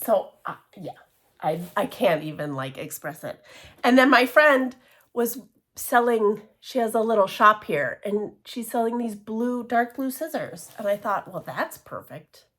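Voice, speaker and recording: Gushing, excitable woman with a slow, high voice. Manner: gushing and excitable, with many restarts and laughs. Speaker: cross-stitch vlogger. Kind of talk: casual show-and-tell vlog.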